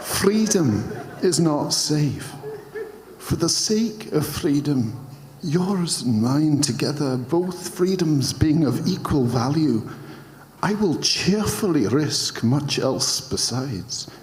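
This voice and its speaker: A man's voice: fairly high pitch, lively intonation, takes it slowly, darkish tone, long reverb tail. A man putting on a shaky Scottish accent. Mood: pompous. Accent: attempted Scottish. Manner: hammy, breaking into laughter. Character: man in a wobbly put-on Scottish accent, pompous. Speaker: presenter reading a nominee's words.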